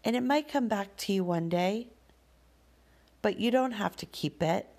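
Speaking as a parent, a woman shares a personal story in a candid, thoughtful monologue, softened by fillers and sighs. Her medium-pitched voice is expressive and gravelly, and she talks a little slowly.

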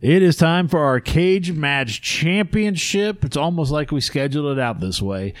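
A man's voice: on the high side, lively intonation, moderate pace, a little hiss or hum. A man hosting a casual podcast chat, explaining a segment and laughing often with his co-hosts. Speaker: podcast host.

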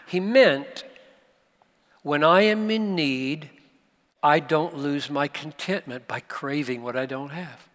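A man preaching a sermon at a conference, slow and emphatic, with dramatic pauses. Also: fairly high pitch, a bit bright. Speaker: pastor. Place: large conference hall. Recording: live hall recording with long reverb.

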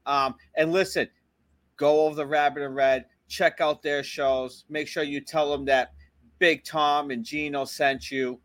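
A man's voice: a little high, fairly even intonation, measured pace, fairly bright tone, dry recording, studio quality. A man co-hosting a podcast in crude casual chat, laughing along and backing up his partner. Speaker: podcast co-host.

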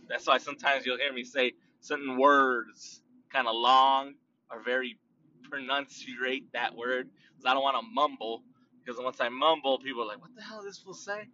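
A man hosting his own podcast, musing aloud in a loose, rambling monologue full of fillers, restarts and long drawn-out words. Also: medium pitch, steady tone, sharp tone, far from the mic, lo-fi sound, a little hiss or hum. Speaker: podcast host.

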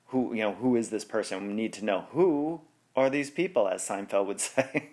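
A male podcast host with a fairly low voice, chatting casually to his listeners. He rambles, trails off and corrects himself, breaking into laughter now and then. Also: a bit bright. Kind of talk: casual chat.

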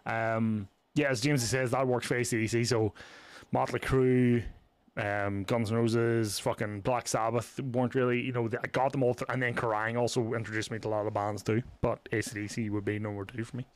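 A man's voice: medium pitch, flat delivery, a little fast. A man, co-hosting a podcast in casual chat, joking and swearing as he talks about music. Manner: laughing, swearing, joking banter. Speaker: podcast co-host.

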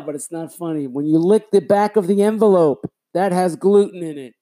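A man talks through his own podcast in a loose, meandering way, circling back and fixing his words as he goes. His voice sits a little high but sounds deeply mellow and warm in tone. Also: unhurried, long pauses. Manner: rambling, self-correcting, chatty. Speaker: podcast host. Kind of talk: casual solo podcast talk.

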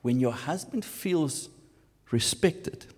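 A man with a South African accent preaching a sermon, animated and switching between English and Afrikaans. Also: a little high, takes it slowly, long reverb tail. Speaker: pastor.

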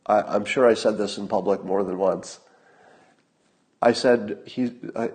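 A man's voice: fairly low pitch, steady tone, a little slow, pauses often, darkish tone. A man hosting his own podcast, giving a solo, conversational political commentary that wanders and chuckles at its own points. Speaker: podcast host.

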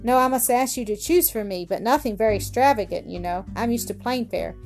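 A woman voicing a thin little old man who speaks gently and wryly. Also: fairly high pitch, brisk, soft background music, close to an everyday voice. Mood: gentle.

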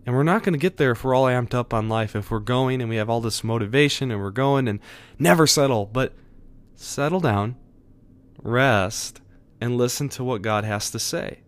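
A man hosting a podcast episode, giving an earnest, conversational devotional talk with soft chuckles. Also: medium pitch, moderate pace.

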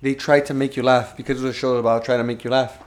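A man's voice: mid-range voice, little pitch movement, fast talker. A man in casual conversation, rambling with many restarts and asking "you get me?" as he goes. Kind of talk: casual chat.

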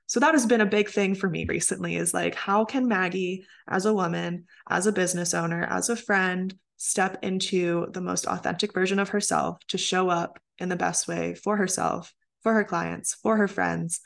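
Woman coach with a bit of vocal fry, earnest motivational chat, lots of like. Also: on the low side, fairly even intonation, normal speed. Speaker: mindset coach guest. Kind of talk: casual interview chat.

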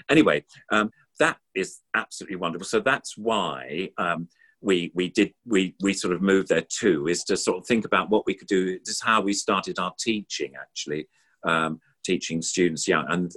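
A man's voice: deep voice, a bit bright, husky. An older man, a puppeteer, reminiscing in a casual, rambling, enthusiastic way with many ums and restarts.

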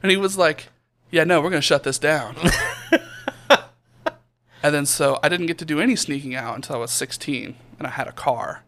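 Young male podcast co-host, lively storyteller doing voices, a bit higher than most men. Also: moderate pace, pauses often. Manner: animated storyteller acting out quotes. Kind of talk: casual storytelling.

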